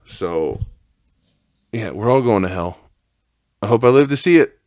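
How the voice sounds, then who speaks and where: Solo podcast host, young man, fired-up profane rants, lowish voice, dry close sound. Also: animated, a little slow, darkish tone, dry recording. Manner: profane, heated rant that rises in pitch.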